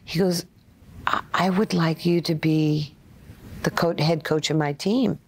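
A woman's voice: sits low, steady tone, unhurried, husky. A woman, telling stories as an interview guest and acting out the voices of the people she quotes. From Brooklyn, New York. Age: 60s. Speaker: interview guest, former player and coach. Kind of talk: conversational storytelling.

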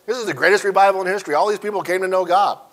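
A man's voice: high voice, very fast. Man teaching a folksy Sunday school lesson. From central Illinois, USA. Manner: folksy storytelling, asks the class questions. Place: church classroom.

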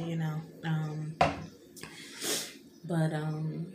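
A woman in her thirties speaks to her vlog viewers in a low, level voice, rambling with plenty of "you know what I mean." She sounds tearful and emotional. The room is echoey, with a clear hum of noise behind her. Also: completely flat delivery, slow pace, pauses often. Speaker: vlogger. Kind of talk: casual heartfelt vlog talk.

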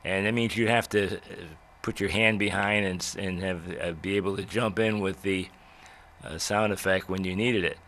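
An older man, a radio veteran, telling old stories in a rambling way with many pauses and restarts. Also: sits low, fairly even intonation, fairly bright tone, slight background noise. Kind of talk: reminiscing talk.

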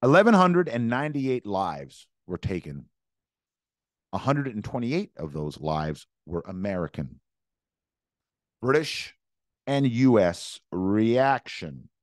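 A man's voice: fairly low pitch, sing-song, takes it slowly, long pauses, no room sound, studio quality. A young man giving an emphatic history lecture, repeating words and speaking for both sides in first person. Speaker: history teacher.

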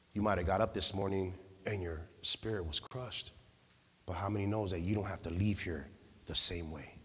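A man preaching a sermon in a church, swinging from loud fervent calls to quiet personal storytelling. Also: medium pitch. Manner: impassioned, rising to shouts then dropping to quiet storytelling. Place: church sanctuary. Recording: husky voice in a long-reverb hall.

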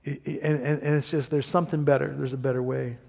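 A man preaching a sermon, telling a story with lively quoted voices and plain talk. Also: mid-range voice, fast talker, creaky. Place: church sanctuary. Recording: long hall reverb.

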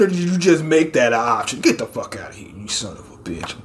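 A man hosting a manga reaction show, talking casually and excitably, swearing freely and breaking into shouted exclamations. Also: medium pitch, brisk, hardly any pauses, slight background noise.

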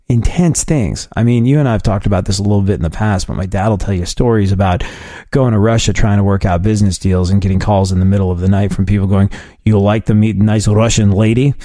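A man hosting a radio-style talk show, telling long family anecdotes in a casual, animated way. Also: brisk, no room sound, studio quality. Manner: animated anecdote-telling, quotes his dad in a lower voice. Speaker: host. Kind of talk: casual storytelling chat.

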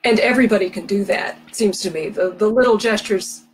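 A woman hosting a library Q&A over a video call, asking questions in a measured, polite way with some fillers. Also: medium pitch, a little hiss or hum, rough recording. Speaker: library event host. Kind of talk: casual Q&A interview.

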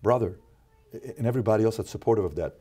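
A man talking as an interview guest, emphatic and preachy, dropping from loud to low. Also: very fast. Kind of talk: casual interview talk.

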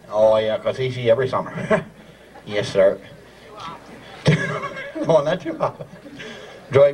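A man with a Newfoundland accent leading a rowdy ceremony, joking and laughing with the people he is teasing. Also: on the high side. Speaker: screech-in ceremony leader. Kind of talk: joking crowd banter. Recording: far mic over a loud crowd.

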